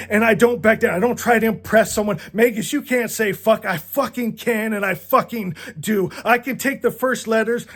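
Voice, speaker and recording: Fiery, profane high-voiced male spiritual teacher. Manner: fiery, profane, emphatic, with many stammered restarts. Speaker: self-styled magus and spiritual teacher. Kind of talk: impassioned spiritual talk to followers.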